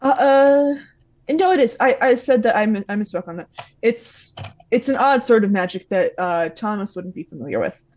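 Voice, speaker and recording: A woman running a tabletop role-playing game as game master, laughing often and slowing down to narrate the action. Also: fairly high pitch, lively intonation, darkish tone.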